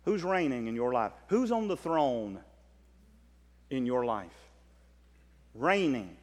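A man with a Southern US accent preaching a sermon, passionate, swinging from loud drawn-out declarations to quiet quick asides. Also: medium pitch, sing-song, long reverb tail.

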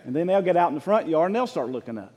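A man preaching a sermon as pastor, fervent and swelling into shouts, calling for responses from the congregation. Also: fairly high pitch, sing-song, rapid-fire. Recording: long reverb of a large hall.

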